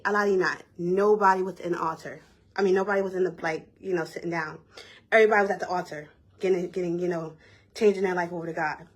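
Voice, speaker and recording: Breathy young woman telling her story. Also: mid-range voice. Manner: animated, repeats herself, slangy and conversational. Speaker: vlogger. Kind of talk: casual personal storytelling.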